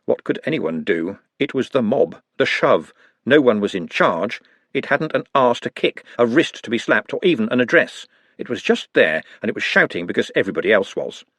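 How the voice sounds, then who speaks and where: A man's voice: mid-range voice, moderate pace, slightly rough, no room sound. A man reading a comic novel aloud as scripted narration, telling it expressively. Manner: lively, expressive storytelling. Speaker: audiobook reader.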